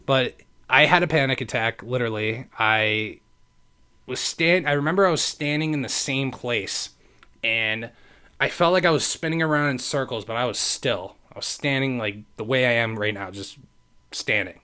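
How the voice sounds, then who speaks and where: Smooth-voiced man telling a personal story. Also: mid-range voice, normal speed, pushed and bright. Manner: earnest, rambling, addresses listeners directly. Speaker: podcast host.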